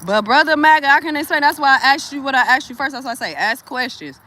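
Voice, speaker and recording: A woman's voice: sits high, expressive, quick pace, pushed and bright. A woman vlogger venting in a casual, profane monologue, laughing often, with speech.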